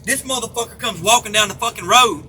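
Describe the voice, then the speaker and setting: Speaking fast in a high, pushed, bright voice, this middle-aged man vlogs an angry rant straight to camera. He's heated and repetitive, swearing as he goes, and there's a little background noise.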